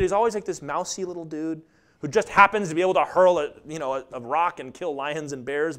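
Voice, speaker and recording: A male pastor preaching a sermon in an animated way, acting out the characters in the story. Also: extremely high pitch. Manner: animated, acts out the scripture characters.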